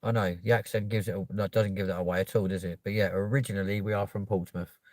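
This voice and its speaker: A young man from England with a London accent runs a casual livestream, reading comments and bantering cheekily with viewers, then erupting in loud, excited pleas for subscribers. His voice sits fairly low and he talks fast, captured in a dry, close recording with no echo or room sound.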